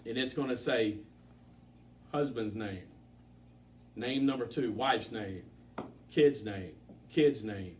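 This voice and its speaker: A man running a sales training for a live group, coaching with animated, repetitive emphasis. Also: medium pitch, slow pace, pauses often, recorded from a distance, slight background noise.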